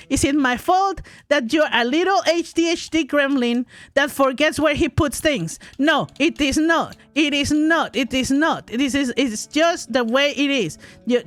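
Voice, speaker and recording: A woman in her forties telling a long story to her chat while gaming, animated and exaggerated, full of asides and repeated phrases. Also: high-pitched. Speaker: streamer.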